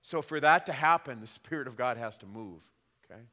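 A man in his thirties preaching a sermon as a pastor, telling wry stories about his children with animated, emphatic repetition. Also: medium pitch, brisk. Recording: long hall reverb.

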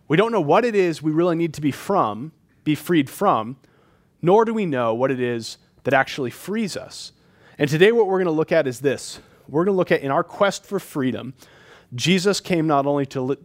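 A man delivers a sermon to a gathered audience in a relaxed, conversational way that turns emphatic at key points. His voice sits a little higher than most men's, and he often pauses on filler words. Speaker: pastor.

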